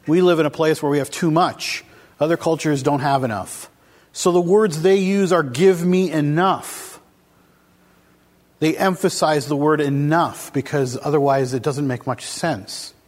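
A man's voice: a little high, fairly even intonation, moderate pace, darkish tone. A man preaching a casual, conversational sermon to a congregation, asking them questions as he goes. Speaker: pastor. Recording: long hall reverb.

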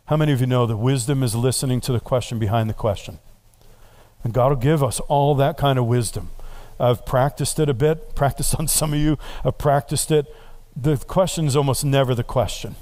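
A male pastor delivers a sermon in an easygoing, conversational storytelling manner. His voice sits at an ordinary middle pitch. He leans into earnest emphasis as he moves toward prayer. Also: fairly quick, a little mellow.

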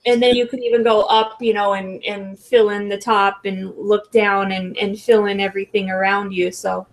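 A woman with a gravelly, fry-laden voice chats on a podcast. She talks hesitantly and casually, circling back and restarting her sentences. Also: mid-range voice, little pitch movement, moderate pace. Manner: hesitant, many restarts and fillers. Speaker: podcast co-host. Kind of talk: casual chat.

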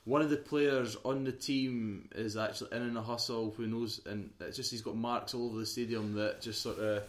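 A young man joking fast in a casual film chat, retelling scenes with quotes. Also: medium pitch, steady tone. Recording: echoey room.

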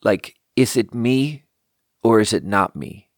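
A man's voice: lowish voice, expressive, slow, dry recording, studio quality. A man hosting his own podcast solo, rambling casually and self-deprecatingly, often breaking into laughter. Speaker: podcast host.

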